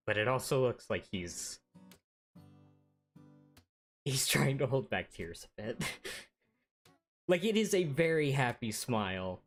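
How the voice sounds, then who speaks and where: A player in a tabletop game, casual and quick to laugh as they describe their character. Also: medium pitch.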